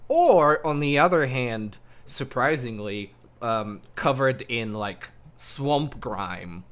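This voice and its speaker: A man's voice: medium pitch, lively intonation, takes it slowly, fairly bright tone. A man narrating as game master of a tabletop game, improvising loosely with many ums and restarts. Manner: loose, filler-heavy with frequent ums.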